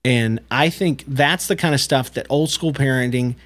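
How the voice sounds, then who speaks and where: A man's voice: mid-range voice, normal speed, a bit bright. A man in his thirties co-hosting a casual parenting podcast, talking earnestly and explaining his views with frequent restarts. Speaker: podcast co-host.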